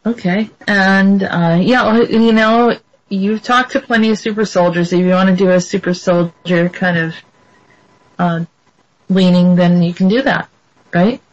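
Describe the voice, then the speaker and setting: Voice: medium pitch, steady tone, measured pace, muffled recording. A podcast host chatting casually, easygoing and laughing often.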